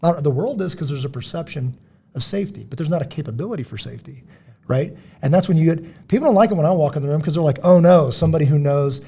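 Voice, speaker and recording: A man hosting a podcast, talking in a blunt, emphatic, preachy way with a husky voice. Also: fairly high pitch, animated, fast, mellow. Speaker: podcast host. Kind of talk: casual podcast discussion.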